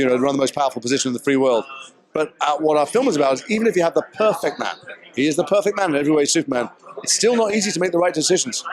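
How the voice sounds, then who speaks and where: A man being interviewed as an actor at a red carpet premiere, explaining his work in a thoughtful, articulate way. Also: fairly high pitch.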